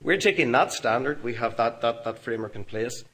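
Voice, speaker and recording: A man's voice: mid-range voice, a little fast, fairly bright tone. Man, 40s, conference speaker, anecdotal and self-mocking. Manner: storytelling, self-deprecating humour. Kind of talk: anecdotal business talk to an audience. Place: hotel function room.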